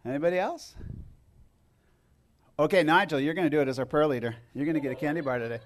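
In a church sanctuary, a pastor preaches a casual sermon to his congregation, chatty and joking, with frequent restarts. His voice is fairly high-pitched and fast.

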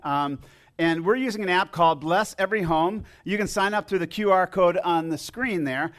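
A man's voice: high voice, normal speed, a bit bright. A man preaching as pastor to his congregation, chatty and joking, with frequent restarts. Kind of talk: casual sermon with congregation. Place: church sanctuary.

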